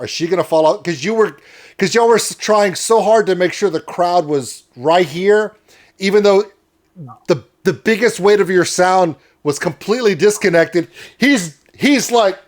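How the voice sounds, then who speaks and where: A high-voiced man hosting a casual interview. He talks with warm enthusiasm and rambles through a long story, piling praise on his guest. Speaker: interview host.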